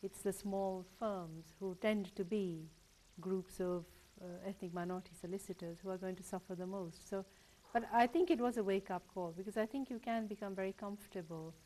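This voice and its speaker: A woman guest in a studio discussion, a solicitor speaking in a measured, thoughtful way. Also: medium pitch, mellow, slight background noise.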